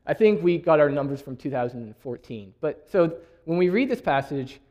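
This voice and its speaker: A man's voice: fairly high pitch, lively intonation, moderate pace, muffled recording. A young man from Canada giving a sermon, reading scripture aloud and laughing often. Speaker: preacher.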